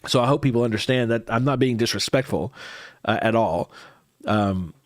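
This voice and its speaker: A man's voice: mid-range voice, normal speed, no room sound, clean studio sound. A man with a head cold, tired and congested, hosting a music reaction livestream and answering viewer comments in casual chat.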